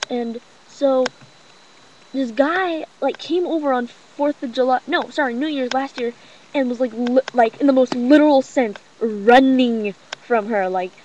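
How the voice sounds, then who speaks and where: A woman's voice: sits high, a little slow, a little mellow, highs cut off. Young woman gossiping profanely on a noisy webcam. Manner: rambling, profane and mocking, with many fillers. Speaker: vlogger. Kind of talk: casual gossip vlog. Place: room at home with a cousin talking nearby. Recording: noisy home webcam recording.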